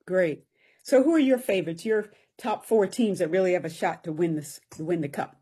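A woman's voice: fairly low pitch, normal speed, mellow, husky. A woman hosting an interview, asking short questions and giving brief, encouraging replies. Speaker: host. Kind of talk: casual interview talk.

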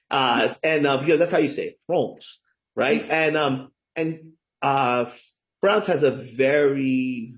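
A middle-aged man talking as a guest author in an interview, enthusiastic and often tagging his points with "right?". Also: medium pitch. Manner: enthusiastic, keeps asking "right?". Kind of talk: conversational interview talk.

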